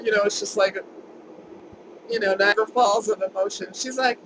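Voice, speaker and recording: A woman with a fairly high voice chats straight to the camera and tells a personal story in an emphatic, repetitive way. A clear hum of air conditioning and passing traffic runs behind her. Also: steady tone, moderate pace. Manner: emphatic, chatty, repeats words for stress. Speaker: vlogger.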